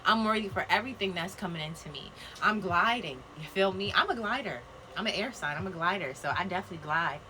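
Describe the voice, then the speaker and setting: Playful woman on a phone livestream doing card readings, bright voice, lots of laughing and slang. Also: fairly low pitch, expressive, quick pace, few pauses, a little hiss or hum. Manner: chatty and playful, laughs often, slangy asides to viewers. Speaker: spiritual card reader. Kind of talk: casual live-stream card reading. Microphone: phone live video.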